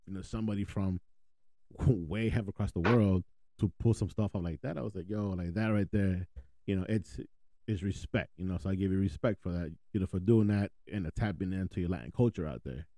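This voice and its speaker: Chill american guy hosting a podcast, low mellow voice, slangy and laughy. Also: brisk. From United States. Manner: slangy, laughs easily, relaxed. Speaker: podcast host. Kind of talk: casual podcast chat.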